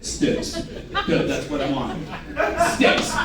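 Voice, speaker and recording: A man's voice: high voice, normal speed, crowd noise. A man giving a live sales training to a room of staff, joking and drilling them with call-and-response. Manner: animated, jokey, drills the audience with call-and-response. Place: large room with a live audience. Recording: echoey room, picked up from a distance.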